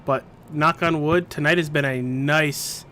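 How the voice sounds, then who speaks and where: A man with a fairly high voice calls an online race, switching between play-by-play and teasing his co-hosts. A faint background noise runs under his voice. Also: fairly even intonation, a little slow, pushed and bright. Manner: play-by-play calls mixed with banter. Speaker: sim racing commentator. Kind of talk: joking race commentary.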